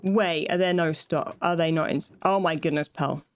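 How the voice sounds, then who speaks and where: Building in a game on stream, this woman rambles casually to her viewers, breaking off mid-sentence and laughing a lot. She has a low, clear, resonant voice with fairly even intonation at normal speed, recorded dry.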